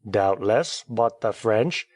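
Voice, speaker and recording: A man's voice: on the low side, lively intonation, slow pace, a little mellow, breathy edge, dry recording, studio quality, heavily acted. A man reading a terse wounded English journalist. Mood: reserved. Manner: terse and reserved.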